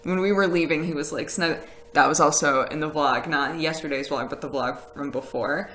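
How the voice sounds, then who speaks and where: A woman's voice: deep voice, normal speed, a bit bright, slight background noise, rough recording. A woman chatting casually on a live stream, rambling with fillers and laughs as she reads messages from chat. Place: house with a conservatory.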